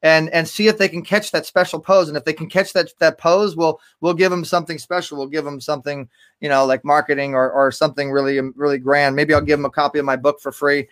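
Man guest, upbeat coach type, fairly high voice, restarts often. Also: fairly even intonation, quick pace, fairly bright tone. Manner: upbeat, repeats words, coaching tone. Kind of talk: live online show chat.

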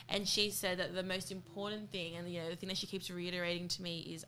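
A woman's voice: lowish voice, little pitch movement, quick pace, bright, forceful tone, slight background noise. A woman co-hosting a podcast, talking earnestly and from the heart in a candid conversation. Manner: earnest, heartfelt, retells friend's words. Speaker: podcast co-host.

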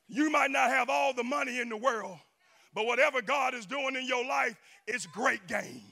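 A male pastor preaching a sermon in a church, shouting and chanting with call-and-response to the congregation. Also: very high voice, moderate pace, creaky, over music. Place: church sanctuary.

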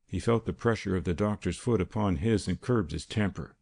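A man narrating a period crime novel in a steady, measured reading. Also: low voice, creaky, husky. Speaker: audiobook narrator. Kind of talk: scripted narration.

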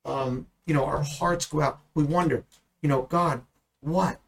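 A man with a somewhat high, husky voice teaches scripture in an easygoing, conversational way. He speaks earnestly and leans into his points with sudden emphatic bursts. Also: unhurried, poor audio. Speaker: Bible teacher.

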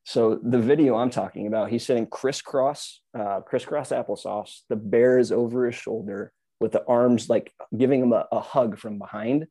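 A man's voice: mid-range voice, steady tone, moderate pace, hardly any pauses, dark tone, breathy edge, no room sound. A man chatting casually on a podcast, telling stories and explaining news with many fillers and restarts. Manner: rambling storyteller, many "like"s and restarts. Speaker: podcast co-host. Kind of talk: casual chat.

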